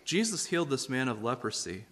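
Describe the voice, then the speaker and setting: A man preaching a sermon, reading scripture and asking the congregation questions in an animated way. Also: medium pitch, brisk. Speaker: pastor.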